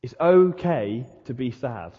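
A man's voice: mid-range voice, lively intonation, takes it slowly, mellow, breathy edge. A male pastor giving a sermon in an earnest way, asking his listeners the same questions again and again. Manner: earnest, repeats rhetorical questions. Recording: muffled sound with long hall reverb.

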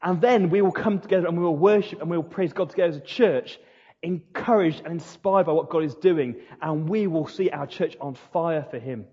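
A man's voice: fairly high pitch, a little fast, slightly rough. A male pastor preaching a sermon, retelling a story in an earnest, emphatic way. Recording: dull lo-fi recording in a reverberant hall.

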